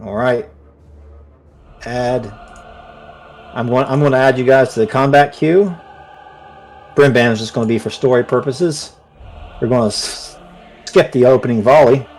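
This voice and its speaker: A man narrating as the game master of a tabletop fantasy game, describing the action in an animated way. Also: mid-range voice, normal speed, pauses often, soft background music.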